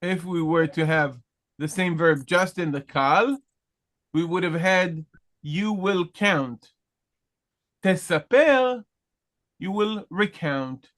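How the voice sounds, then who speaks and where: A man leads a grammar lesson at an unhurried, deliberate pace, stopping often to check that students follow. His voice sits on the higher side for a man, and he pauses and restarts as he searches for words. He speaks like a patient teacher guiding a class. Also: a bit bright. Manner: patient, frequent "okay?" check-ins, questions to students. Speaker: Hebrew teacher. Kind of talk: live online class, explaining grammar.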